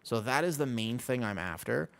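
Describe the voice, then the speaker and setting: A man casually chatting with his viewers while streaming a game, excitable and talkative. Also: mid-range voice, normal speed, gravelly. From United States. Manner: excitable, chatty, reacts to chat.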